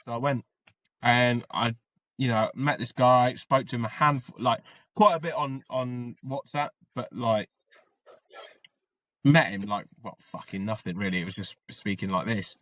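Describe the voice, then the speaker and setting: A man's voice: mid-range voice, unhurried, a bit bright, no echo. A man, an army veteran and podcast guest, telling his story in a rambling, casual way and swearing freely.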